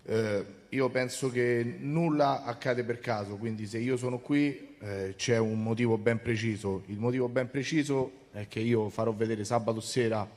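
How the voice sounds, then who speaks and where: A man's voice: mid-range voice, normal speed, few pauses, darkish tone. A man from Rome, a fighter, speaking with determined pride. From Rome, Italy. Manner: determined, proud. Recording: reverberant hall.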